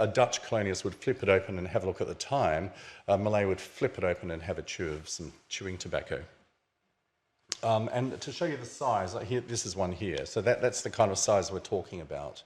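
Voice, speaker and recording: Presenting his book at a museum event venue, a man with a low, slightly mellow voice delivers an illustrated lecture. He explains the objects on his slides casually, as if in conversation.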